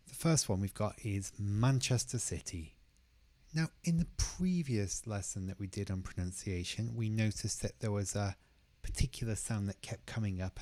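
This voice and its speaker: Slow, careful male English teacher. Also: on the low side, a little mellow, no echo. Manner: repeats words slowly and clearly for learners. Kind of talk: slow, careful pronunciation lesson.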